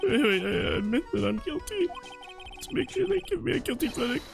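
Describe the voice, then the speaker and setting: A shrill, panicky young man voiced by a man pleads in a frantic rush, his voice leaping wildly up and down. He sounds desperate and cowardly. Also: very animated, brisk, vocal fry, music in the background, full character voice.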